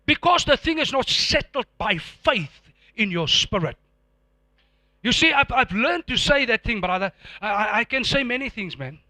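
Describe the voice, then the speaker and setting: A man's voice: extremely high pitch, sing-song, moderate pace, sharp tone, no room sound. A middle-aged man preaching a sermon to a congregation, emphatic and repetitive, with call-and-response prompts. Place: church before a live congregation.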